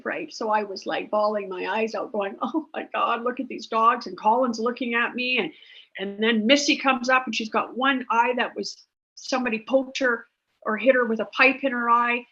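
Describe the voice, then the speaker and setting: A woman's voice: fairly high pitch, fairly bright tone. A woman, telling a rambling story about rescuing dogs in a chatty, casual way with many fillers. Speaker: dog rescue founder, guest. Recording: dull lo-fi sound.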